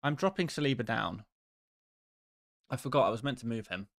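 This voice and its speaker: A man's voice: medium pitch, expressive, fairly quick, creaky, no echo, clean studio sound. A man hosting a live stream who chats casually with his viewers in a rambling, exasperated and self-mocking way.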